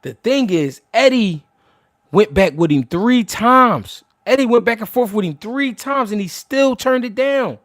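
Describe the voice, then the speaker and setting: Brash, high-voiced, cursing boxing host. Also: male voice, animated, a bit bright, no room sound, clean studio sound. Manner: brash, rapid-fire, heavy slang and cursing. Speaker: boxing talk show host. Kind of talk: profane livestream commentary.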